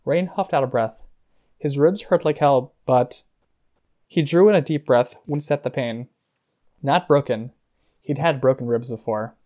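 Brief: male narrator, mid-pitched, steady reading, slightly muffled lo-fi sound. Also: a little slow, long pauses. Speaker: audiobook narrator. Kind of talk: scripted narration.

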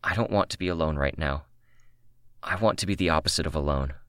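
A man reading the lines of a nervous young woman, lifting his pitch a little and speaking hesitantly. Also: fast, fairly bright tone, no echo, clean studio sound. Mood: pleading. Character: nervous young woman, the first-person heroine.

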